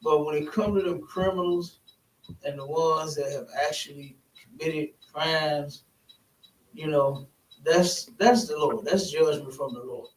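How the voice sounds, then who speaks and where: A man's voice: on the high side, a little slow, distant mic. A man in a casual spoken discussion, rambling and often asking "you know what I'm saying?". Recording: echoey room, voice from off-mic, faint hiss.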